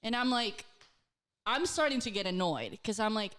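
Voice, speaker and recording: Fairly high-pitched and moving at a moderate pace, this co-host of a casual talk show tells an animated story in a clean tone. "Like" comes up again and again, the swearing flows freely, and she voices the quotes herself.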